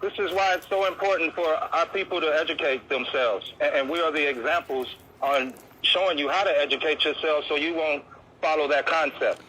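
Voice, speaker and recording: Brief: calm, agreeable man, bright, sharp voice, slightly high, faint noise. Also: fairly quick, low-quality recording. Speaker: debate partner, driver at work.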